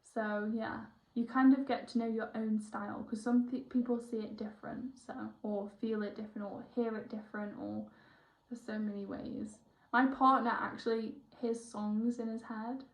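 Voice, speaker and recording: A young woman, a spiritual healer chatting excitably through a one-on-one session, rambling and correcting herself as she goes. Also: on the high side, normal speed. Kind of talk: casual one-on-one session chat. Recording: roomy, dull lo-fi sound.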